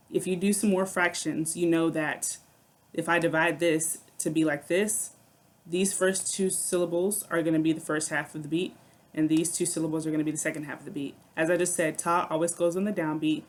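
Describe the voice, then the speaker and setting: Low-voiced woman teaching music patiently. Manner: patient, explanatory, says "okay" often. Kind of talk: recorded classroom lesson.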